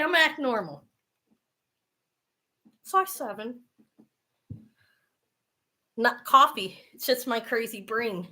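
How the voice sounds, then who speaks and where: A middle-aged woman hosting a live jewelry sale, chatty and self-mocking, swearing freely and breaking into loud laughter. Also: a little high, lively intonation, slow, pauses often. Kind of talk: casual live-stream selling.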